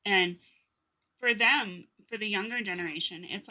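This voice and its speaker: A woman's voice: mid-range voice, normal speed, pushed and bright. A woman in her late forties, a podcast guest telling her personal story candidly in conversation. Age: 40s. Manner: candid, storytelling, acts out quoted people.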